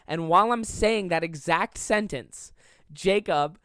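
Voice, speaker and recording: A young man rambles through a solo comedy podcast, cutting himself off mid-sentence and jumping into goofy voices. His voice is smooth and resonant. It is recorded close and dry, with no room sound. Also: sits high, expressive, a little fast, a bit bright, dry recording. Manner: rambling, self-interrupting, slipping into silly voices to act out anecdotes. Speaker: podcast host.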